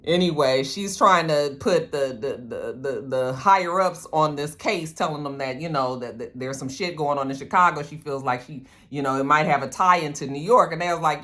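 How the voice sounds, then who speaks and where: A woman's voice: low-pitched, normal speed, few pauses, a bit bright. A woman in a casual recap vlog, chatty and blunt, swearing freely and acting out characters' lines. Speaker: TV recap vlogger.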